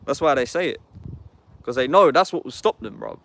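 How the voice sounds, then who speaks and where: A man's voice: medium pitch, lively intonation, brisk, a bit bright. A man in a casual livestream chat, talking bluntly and heatedly, swearing and saying "bruv" constantly.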